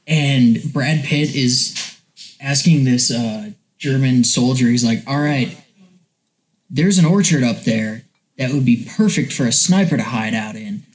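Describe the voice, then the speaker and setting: A young man co-hosting a casual podcast, talking at an everyday middle pitch. He is animated and quick to laugh, acting out bits of a story as he goes. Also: poor audio. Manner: animated storytelling, laughing, doing movie lines. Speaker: podcast co-host. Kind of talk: casual chat.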